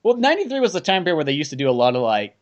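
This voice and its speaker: A man's voice: fairly high pitch, wildly swooping pitch, very fast. A man co-hosting a casual podcast, chatting in an offhand, joking way. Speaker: podcast co-host. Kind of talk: casual chat.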